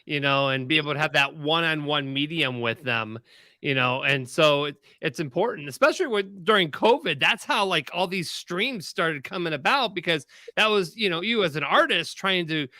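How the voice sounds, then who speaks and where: A man's voice: a little high, animated, normal speed, pushed and bright, no room sound. A male host of a live-stream show, easygoing and rambling. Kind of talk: casual chat.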